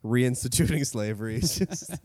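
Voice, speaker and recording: A man co-hosting a podcast in loose comedic banter, laughing often between jokes. His voice sits at a middle pitch and the recording is dry and close. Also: animated, normal speed, dark tone, dry recording. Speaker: podcast co-host.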